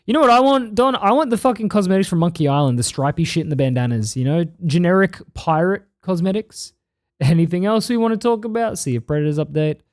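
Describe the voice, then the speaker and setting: Streaming and reading his viewers' live chat aloud, this Australian man keeps it casual, blunt, and full of swearing. His voice sits high, and he talks fast and animated.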